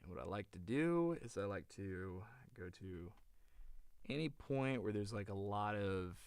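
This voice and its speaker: A man's voice: lowish voice, lively intonation, a little slow, darkish tone, clear, resonant tone. A man hosting a livestream, chatting casually and rambling with many fillers while he edits audio on a close desk mic. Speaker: livestream host editing audiobooks. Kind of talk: casual chat while editing.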